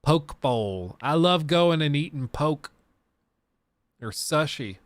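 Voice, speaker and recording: A man's voice: on the high side, animated, slow, no echo. Streamer host, man in his thirties, casual rambling chat, faint Colorado accent, dry close mic. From US South. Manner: rambling, self-interrupting, reads chat aloud.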